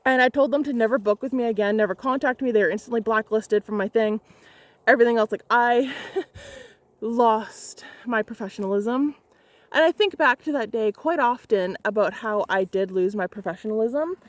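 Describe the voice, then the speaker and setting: A fairly high-voiced young woman tells a photography client story straight to camera. She is heated and emphatic, and she swears freely as she retells the clash. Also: normal speed, no echo. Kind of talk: angry storytime vlog.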